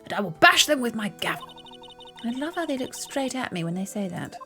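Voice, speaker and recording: A woman's voice: on the high side, sing-song, fairly quick, pushed and bright, soft background music. A woman streaming a game, chatting in a giggly, self-mocking way. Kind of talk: live game stream chat.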